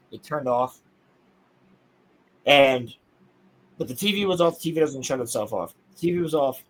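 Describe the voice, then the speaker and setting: A young man telling a strange personal story in casual podcast chat, excitable, insistent and full of swearing. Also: medium pitch, rough recording.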